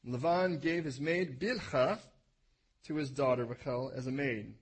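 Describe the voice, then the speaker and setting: A male preacher reading scripture aloud to a congregation in an animated way, adding asides and correcting himself as he goes. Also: medium pitch, measured pace, husky, rough recording.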